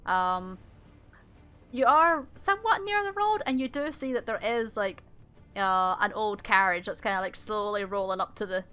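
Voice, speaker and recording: Bright-voiced woman running a tabletop game. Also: mid-range voice, expressive, moderate pace, clear, resonant tone, faint music behind. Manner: casual, rambling with fillers and laughs. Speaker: game master.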